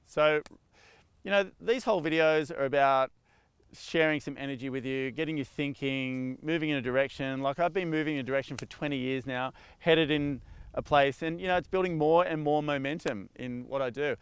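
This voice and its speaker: A man's voice: a little high, fairly quick, clear, resonant tone. A man with an Australian accent giving an upbeat motivational talk to camera outdoors by the beach. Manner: upbeat, repetitive, coaching questions. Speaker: motivational vlogger, real estate agent.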